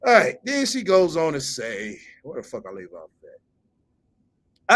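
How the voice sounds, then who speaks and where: A man's voice: a little high, wildly swooping pitch, slow, fairly bright tone. A man hosting a commentary channel, reading a post aloud and reacting with profane, mocking, incredulous rants. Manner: breaks into laughter at times.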